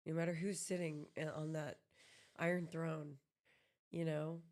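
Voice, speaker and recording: Low-pitched American woman, thirties, chatty co-host who rambles and jokes. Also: a little slow. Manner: rambling, animated, joking. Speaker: podcast co-host. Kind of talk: casual chat.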